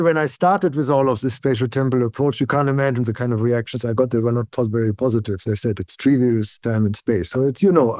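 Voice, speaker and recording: A neuroscientist guest speaking as an English speaker, explaining ideas in calm conversation and often checking in with "yeah?". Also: male voice, medium pitch, no echo, studio quality. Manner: tag "yeah?" questions, frequent restarts, calm and deliberate.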